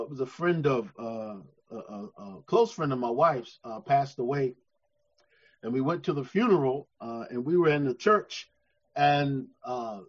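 A man preaches in an easy, talky way, circling back over his words and then rising to shouted appeals for an amen. The recording sounds muffled and lo-fi. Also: high-pitched, breathy edge. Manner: conversational preaching that builds to shouting, with repetitions and call for amens. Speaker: pastor. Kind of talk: sermon.

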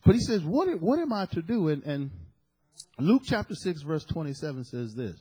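Male pastor, sermon delivery, husky, high lively pitch. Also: normal speed, rough recording. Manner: animated preaching with shouted sound effects.

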